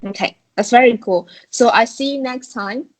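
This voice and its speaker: A woman's voice: on the high side, normal speed, rough recording. A woman with a Chinese accent teaching a beginner Chinese tones in an online lesson, explaining patiently step by step. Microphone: video call.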